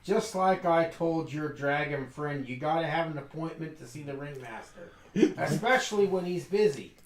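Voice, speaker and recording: A stubborn golem doorman, as a man voices him, low and flat and dismissive. His voice echoes in a roomy space. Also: moderate pace, close to an everyday voice. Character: large dark stubborn male golem guard. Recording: echoey room.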